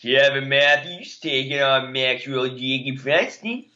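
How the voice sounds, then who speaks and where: A man's voice: medium pitch, a little slow, bright, forceful tone. A man co-hosting a casual podcast, reading results in an easygoing way. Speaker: podcast co-host. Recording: slightly dull lo-fi sound.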